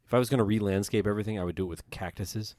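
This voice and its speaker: A man's voice: fairly low pitch, steady tone, racing, darkish tone, no room sound, clean studio sound. Emphatic, swearing podcast co-host man. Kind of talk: casual chat.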